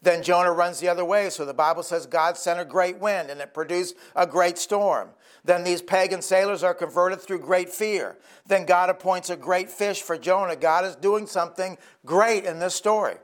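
A man's voice: high voice, normal speed, hardly any pauses. A male pastor preaching a sermon in an earnest, conversational storytelling way.

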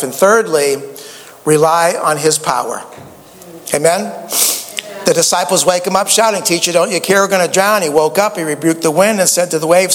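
A man's voice: high-pitched, fairly bright tone, long reverb tail. A man preaching a sermon, a folksy storyteller who often stammers and restarts his sentences. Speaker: pastor.

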